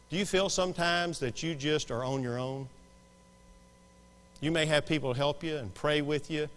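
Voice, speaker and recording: A man preaching a sermon, swinging between hushed lines and sudden shouts. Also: on the high side, moderate pace, smooth, long reverb tail. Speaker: pastor. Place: church sanctuary.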